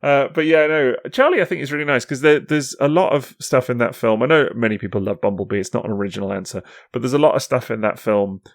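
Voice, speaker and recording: Casual male podcast co-host, animated and laughing, steering the conversation; dry sound. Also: medium pitch, fast talker, few pauses, no room sound. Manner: lively, often laughing, jumps in to steer the talk.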